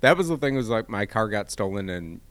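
Midwestern man, low voice, laid-back joking co-host. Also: big pitch swings, brisk, fairly bright tone, no echo. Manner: laid-back, jokey, laughing asides. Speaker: podcast co-host. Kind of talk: casual chat.

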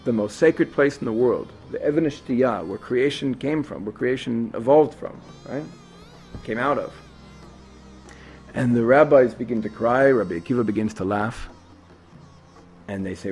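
A man teaches a Torah lesson with animated storytelling. He speaks at a middle pitch, breaks off into asides and restarts, and faint music plays underneath. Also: normal speed.

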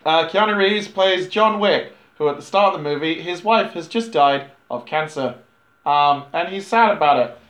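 A man recapping a movie plot in a casual, rambling, profane way, sometimes dropping into quick character voices. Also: a little high, a bit bright. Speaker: podcast host recapping a film. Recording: echoey room.

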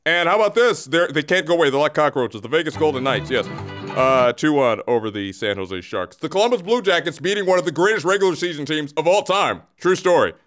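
A man's voice: fairly high pitch, lively intonation, fairly quick, a bit bright, soft background music. A man co-hosting a comedy show, reading out sports scores in a joking, rambling way. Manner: joking, rambling, self-interrupting. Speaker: sports news co-host. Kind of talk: casual comedic sports rundown.

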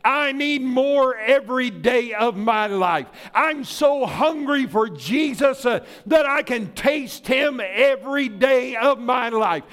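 An older man preaching a sermon as pastor, fervent and excitable, building up to shouts. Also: very high voice, slow pace, hardly any pauses.

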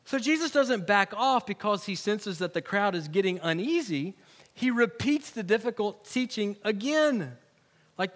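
Guy pastor preaching, high voice, chatty and jokey, repeats words for emphasis. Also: expressive, unhurried, a bit bright. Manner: conversational preaching with humorous asides. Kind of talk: sermon.

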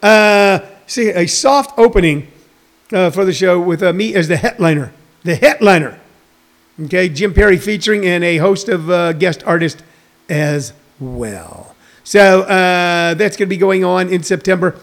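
A man's voice: high voice, normal speed, gravelly. A man in his sixties, a comedian, talking casually and jokily to viewers on a live stream, rambling through stories and news. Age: 60s. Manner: rambling, jokey, addresses viewers directly.

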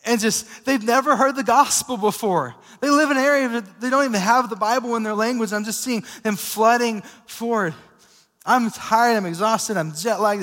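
A young male pastor with a high, bright-pitched voice tells his story from the pulpit in a loose, animated way full of filler words. His voice rings out with the long reverb of a large church hall. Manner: casual, energetic storytelling with many fillers. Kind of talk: sermon, personal testimony.

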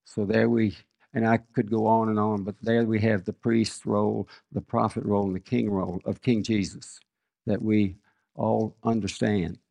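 An older man preaching a sermon, reading scripture and telling personal stories in a slow, measured way. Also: on the low side, little pitch movement, vocal fry, dark tone, dry recording.

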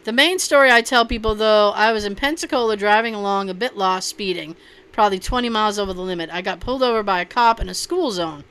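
Bright, crisp-voiced woman swearing casually. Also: mid-range voice, fast talker. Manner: profane, laughing, loose and joking. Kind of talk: casual chat, reading posts aloud.

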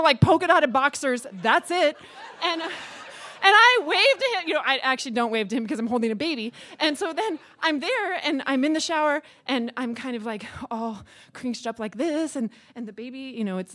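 Brief: woman in her 30s, high and bright, lively storyteller who acts out quotes. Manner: animated, chatty, acts out quoted dialogue. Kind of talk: live personal storytelling.

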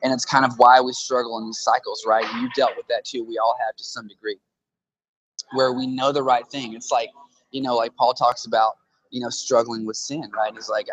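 A man's voice: medium pitch, flat delivery, fairly quick, a bit bright, rough recording. Earnest man explaining with analogies. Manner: earnest, explains with analogies, keeps asking "right?". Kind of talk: casual conversation. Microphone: handheld phone.

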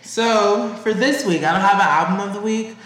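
A man co-hosting a podcast, telling a work story in a casual, profane, animated way. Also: moderate pace. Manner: animated, profane, high-pitched when quoting others. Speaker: podcast co-host. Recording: echoey room.

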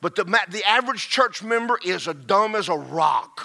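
A man preaching a sermon, swinging from low murmurs to shouted passages. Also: lively intonation, moderate pace, vocal fry. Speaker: pastor.

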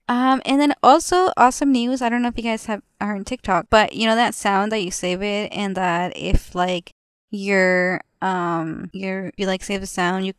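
Profane chatty woman podcaster, gravelly. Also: medium pitch, no room sound, clean studio sound. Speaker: podcast host. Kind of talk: casual solo podcast chat. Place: apartment living room.

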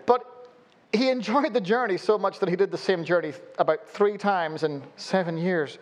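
A man preaching a sermon as a pastor, telling humorous stories and dropping suddenly to a low, quiet voice. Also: normal speed, a faint crowd.

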